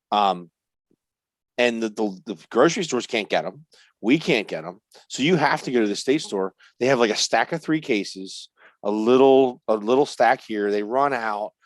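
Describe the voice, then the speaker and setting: A man's voice: fairly low pitch, no echo. A man in a casual podcast chat, explaining store sales in a blunt, matter-of-fact way.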